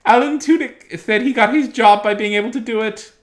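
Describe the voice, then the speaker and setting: A man on a live stream putting on a shrill, lisping falsetto impression of an old-time comedian. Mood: chatty. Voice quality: high falsetto with a lisp. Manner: drawn-out, squealing delivery.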